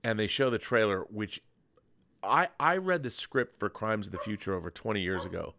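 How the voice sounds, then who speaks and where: Over a noisy background, a middle-aged podcast host with a fairly low, creaky, expressive voice talks at normal speed. He's enthusiastic about films, keeping the chat casual and rambling, often restarting.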